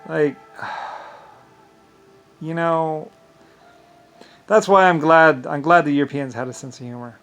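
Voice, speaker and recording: A man's voice: fairly high pitch, steady tone, takes it slowly, pauses often, a bit bright, soft background music. A man vlogging in a rambling, profane monologue, full of grand claims and frequent laughter.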